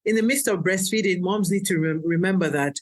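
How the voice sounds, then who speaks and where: A woman pediatrician, a guest on an educational podcast, explaining newborn care in a calm, practical way. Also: fairly low pitch, brisk.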